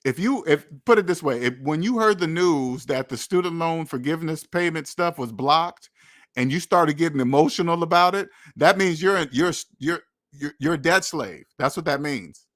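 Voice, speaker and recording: A man's voice: on the high side, normal speed, a bit bright. A young adult man hosting a personal finance channel, lecturing his viewers bluntly and repetitively in a preachy, scolding manner.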